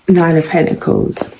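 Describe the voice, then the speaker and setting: A woman doing a casual tarot reading, musing and unhurried, with frequent pauses and ums. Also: fairly bright tone, slight background noise, low-quality recording. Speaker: tarot reader.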